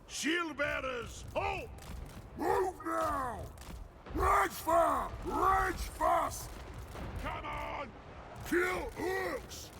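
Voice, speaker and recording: Actors playing gruff dwarf soldiers in a video game, shouting battle cries and orders. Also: male voice, very high voice, noisy background, full character voice. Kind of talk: video game unit voice lines.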